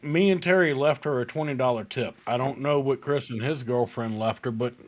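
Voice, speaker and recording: A man's voice: medium pitch, fairly quick. Laid-back male host telling a bar story. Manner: swears freely, laughs through anecdotes. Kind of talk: casual chat, storytelling.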